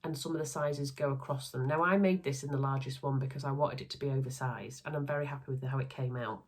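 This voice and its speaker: Low-voiced Yorkshire woman chatting. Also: fairly even intonation, fast. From Yorkshire, England. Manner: chatty, upbeat, talks through sewing makes with asides. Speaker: sewing vlogger. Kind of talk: casual chat.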